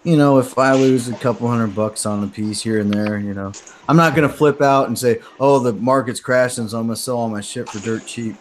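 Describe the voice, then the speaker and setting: A man's voice: medium pitch, brisk, slight background noise. A man on a collectors' panel talking in an easygoing, reflective way. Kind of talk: casual chat.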